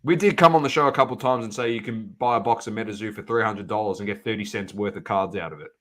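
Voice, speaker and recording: A man's voice: on the low side, fast, a bit bright. A man co-hosting a casual podcast, ranting emphatically and repeating his points. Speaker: podcast co-host. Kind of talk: casual chat.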